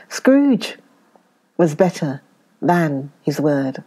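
A woman with a British accent reads a classic tale aloud. Her voice is mellow and warm, and she takes her time, leaning into each phrase with unhurried emphasis. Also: lowish voice. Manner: expressive, slows down for emphasis. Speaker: storyteller. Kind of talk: dramatic reading of a classic story.

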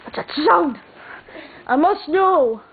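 High-voiced melodramatic woman at toy play. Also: animated, takes it slowly. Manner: melodramatic, lots of 'oh no' wailing. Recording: tinny phone-like audio with faint hiss.

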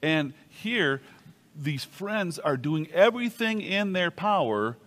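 A man leads a church Bible study in a very animated way, acting out the voices in the passages he reads. His pitch rises and falls widely. The recording carries a long hall reverb. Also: slow pace. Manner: animated, acts out quoted speech with big pitch jumps. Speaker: pastor co-leading Bible class. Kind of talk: Bible study teaching and scripture reading. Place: church room.

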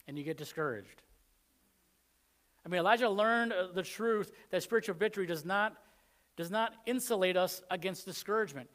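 A pastor with a Southern American accent preaches in a conversational style, acting out the lines he quotes. His voice sits high, a bit bright, and moves fairly quickly.

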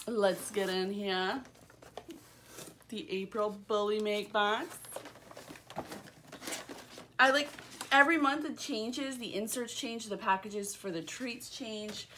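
A woman's voice: mid-range voice, a bit bright. A woman chatting casually and upbeat as she unboxes and reviews a product, with lots of ums. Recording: audible background noise.

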